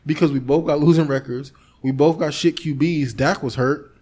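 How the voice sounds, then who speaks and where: A man with a slightly raised speaking pitch holds the floor on a casual podcast. He tells his story with animated energy, acting out each exchange and cursing freely along the way. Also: normal speed, slightly rough. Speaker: podcast host. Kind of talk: casual chat.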